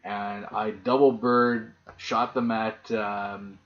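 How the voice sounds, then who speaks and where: Swearing animated man on a lo-fi podcast. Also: fairly low pitch, takes it slowly. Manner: profane, animated storyteller. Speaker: podcast co-host. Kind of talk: casual chat. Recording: dull lo-fi podcast audio.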